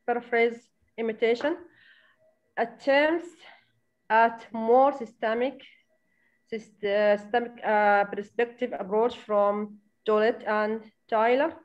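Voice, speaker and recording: A woman's voice: a little high, muffled recording. A woman presenting a chapter to an online class, hesitant and full of fillers, over video call audio. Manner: hesitant, many fillers, slow. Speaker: student presenter.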